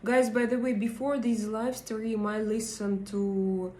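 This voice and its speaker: A woman with a Russian accent chats slowly with viewers on her live stream, hesitating often. Her words come out unhurried and full of pauses. She is recorded in an echoey room with faint ambience behind her. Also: on the high side, little pitch movement, dark tone, a little hiss or hum. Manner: chatty, hesitant, many fillers. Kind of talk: casual live chat reading comments. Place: home in Denmark.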